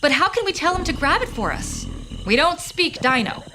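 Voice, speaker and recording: A woman hosting a children's storytelling show who speaks gently and coaxingly to the child watching. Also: sits high, big pitch swings, moderate pace, noisy background.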